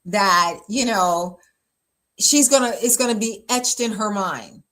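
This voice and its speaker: A woman's voice: medium pitch, slow pace, bright, forceful tone. Chatty woman pastor giving advice. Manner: chatty and emphatic, many fillers, frequent laughs. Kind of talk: casual relationship advice talk.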